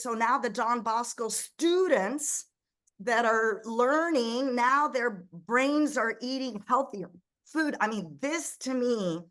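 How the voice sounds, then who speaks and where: Animated middle-aged woman telling stories. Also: a little high. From Egypt, raised in the United States. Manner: animated storyteller, frequent restarts and quoted dialogue. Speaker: ministry founder, guest. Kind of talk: conversational interview.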